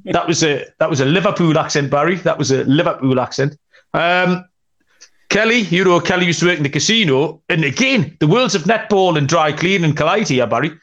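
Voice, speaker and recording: A man's voice: on the high side, animated, brisk, a bit bright, lo-fi sound. Rambling, jokey male podcast co-host. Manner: rambling, jokey storytelling with many fillers. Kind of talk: casual chat.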